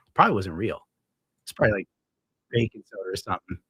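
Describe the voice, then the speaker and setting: A man's voice: low-pitched, lively intonation, fast talker, bright, forceful tone, slightly rough, dry recording, clean studio sound. Crude laughing streamer guy. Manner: crude, laughing, riffing mock voices. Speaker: streamer host. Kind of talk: casual reaction commentary.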